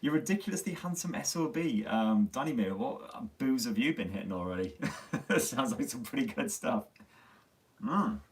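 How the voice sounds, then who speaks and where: This live tech stream host, from Sunderland in North East England, has a medium-pitched, expressive voice and talks at normal speed in a Northern English accent. He's casual, profane, and self-mocking, his voice slightly going, and a distant mic on a phone stream records him.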